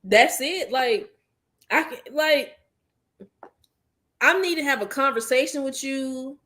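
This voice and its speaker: A woman's voice: high-pitched, takes it slowly, pushed and bright. A woman hosting a podcast in casual group chat, blunt and joking, often laughing. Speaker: podcast host.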